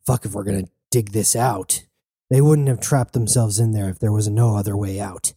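A man reads a ruthless male mercenary commander in a very dark, mellow voice. He barks curt, profane orders. The sound is dry and close. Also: on the low side, steady tone, normal speed, husky, dry recording. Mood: gruff.

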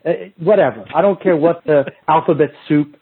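A man's voice: fairly high pitch, a little fast, slightly rough. A man talking as a guest on a show, telling rambling, profane stories and acting out both sides of old conversations. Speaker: fitness industry coach, podcast guest. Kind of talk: casual profane storytelling. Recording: tinny phone-like line.

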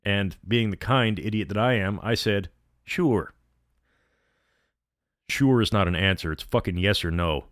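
A man's voice: fairly low pitch, moderate pace, few pauses, fairly bright tone, dry recording. Man reading a story, dry close sound. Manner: blunt, sarcastic asides while reading. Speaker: story reader. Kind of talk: reading a story aloud with commentary.

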